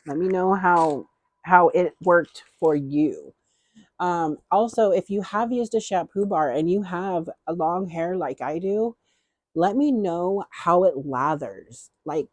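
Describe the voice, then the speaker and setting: A woman's voice: lowish voice, a little mellow, no echo. A middle-aged woman chatting casually through a beauty haul, rambling and repeating herself with enthusiasm.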